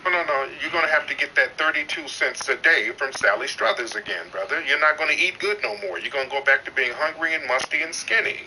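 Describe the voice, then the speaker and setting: Male chat host, mock-stern roaster, loud bursts; distant, noisy capture. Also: on the high side, lively intonation, fast, few pauses. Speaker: host of a live audio chat stream.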